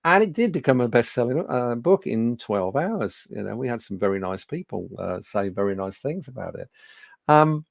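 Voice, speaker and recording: On a dry recording, a man in his sixties from Birmingham speaks at medium pitch with a darkish tone. As a speaking coach, he entertains a studio audience with anecdotes, fillers and self-deprecating humour.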